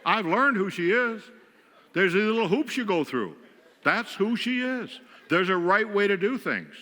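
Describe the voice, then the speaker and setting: A man's voice: high voice, very animated, unhurried, sharp tone, a faint crowd. A man from western New York, a guest speaker telling wry, self-mocking stories in a humorous sermon. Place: church sanctuary. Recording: church hall reverb.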